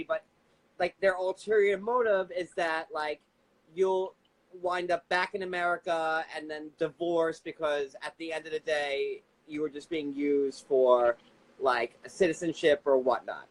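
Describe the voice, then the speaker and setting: A man hosting a live stream, asking rambling questions full of filler words and swearing when he gets excited. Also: on the high side, moderate pace, low-quality recording. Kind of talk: casual live-stream interview.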